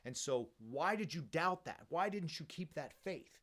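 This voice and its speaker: A man's voice: a little high, lively intonation, unhurried, noisy background, pitched above the performer's own voice. A male preacher voicing a slangy, chiding adult male teacher figure who asks exasperated rhetorical questions.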